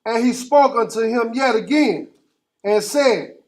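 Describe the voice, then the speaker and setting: A man with a high voice for a man reads scripture aloud in a Bible class. His reading is steady and formal, and he takes the old-fashioned wording verse by verse. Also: unhurried, a little hiss or hum. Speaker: scripture reader.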